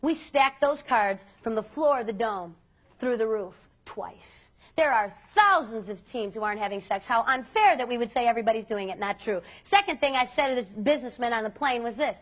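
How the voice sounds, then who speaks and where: A woman with a high voice gives an earnest talk to a room of students. She speaks emphatically and leans hard on key words, with a lively, animated delivery. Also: a little fast. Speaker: youth speaker.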